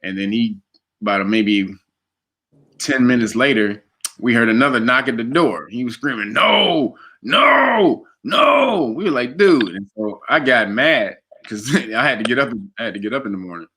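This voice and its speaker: Bright-voiced man telling a story. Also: normal speed. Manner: animated, laughs often, jumps to high pitch for quoted voices. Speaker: guest. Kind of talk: casual storytelling.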